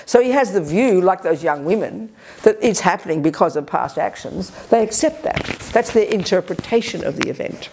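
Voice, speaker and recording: A woman teaching at a Buddhist retreat. She talks in a sharp, energetic, emphatic way and often breaks off to restart her sentences. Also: fairly low pitch. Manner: quick restarts and self-corrections. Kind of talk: retreat dharma talk. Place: retreat center.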